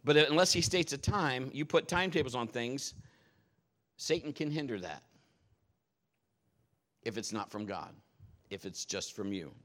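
A man preaching a sermon, telling stories in a jokey, animated way. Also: medium pitch, measured pace, pauses often.

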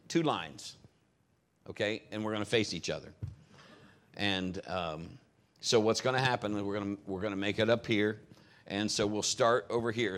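A man pastoring a congregation in a relaxed, conversational way, explaining what everyone will do next. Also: on the low side. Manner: relaxed, conversational, giving instructions. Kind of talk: sermon, leading the congregation.

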